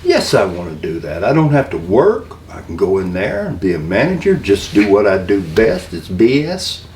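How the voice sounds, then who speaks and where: A man's voice: fairly low pitch, wildly swooping pitch, moderate pace, darkish tone. An older man, a guest in an interview, telling rambling, folksy stories about his career and often starting his sentences over. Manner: rambling, folksy, with many restarts. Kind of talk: storytelling interview. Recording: distant, echoey room with faint hum.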